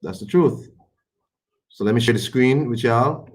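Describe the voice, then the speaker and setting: A man's voice: mid-range voice, a little slow. A man giving loose, colloquial boxing commentary on his own livestream, rambling in a casual chatty way.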